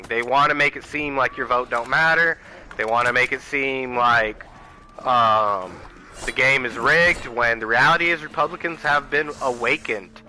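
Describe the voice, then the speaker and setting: A man's voice: medium pitch, sharp tone, a little hiss or hum, low-quality recording. A man hosting his own channel, delivering a heated, profane political rant and addressing viewers directly as y'all. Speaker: channel host. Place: Arizona home.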